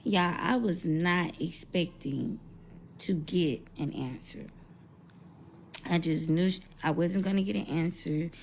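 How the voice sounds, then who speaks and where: Mother, emotional and tearful, low gravelly voice, slow halting delivery, faint background hiss. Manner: slow, halting, holding back tears. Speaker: mother sharing news. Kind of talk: emotional personal account.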